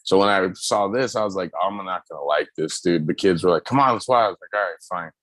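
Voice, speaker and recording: A man's voice: sits low, fast, no room sound. A man co-hosting a casual pop-culture talk show, swearing freely and laughing as he tells stories. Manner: profane, laughing, animated storytelling. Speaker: podcast host. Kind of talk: casual chat.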